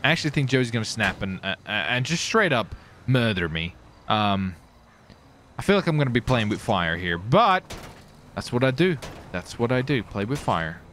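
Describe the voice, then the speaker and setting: Excitable young man with a lively voice. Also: mid-range voice, moderate pace, a little hiss or hum. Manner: excitable, taunting, jumps into shouts. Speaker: streamer. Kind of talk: in-game role-play with commentary.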